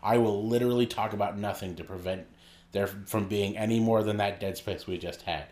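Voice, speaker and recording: A man's voice: on the low side, steady tone, brisk, darkish tone. A man co-hosting a podcast in casual, joking chat, laughing often and talking animatedly. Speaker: podcast co-host.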